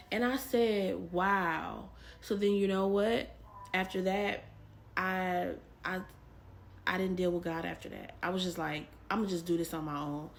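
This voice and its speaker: A woman's voice: fairly low pitch, fairly even intonation, a little slow. A woman from Texas telling a personal faith testimony in a rambling, casual way, with many fillers and repeated phrases. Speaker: vlogger.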